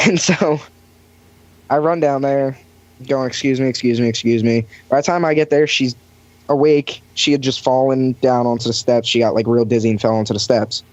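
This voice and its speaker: A man's voice: medium pitch, fairly even intonation, normal speed, dry recording. A young man rambles through a story on a casual podcast, leaning on fillers and putting on voices for the people he quotes. The recording is dry and a little dull, like a cheap mic in a small space. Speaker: podcast guest recounting lifeguard job. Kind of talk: casual chat.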